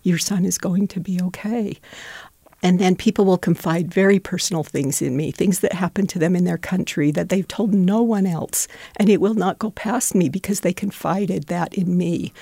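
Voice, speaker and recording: A woman's voice: on the low side, moderate pace, vocal fry, mellow, slightly rough, no room sound. A middle-aged woman volunteering with refugees, telling heartfelt, devout stories in an interview and getting emotional. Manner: heartfelt, tearful at moments, devout. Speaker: refugee donation center volunteer.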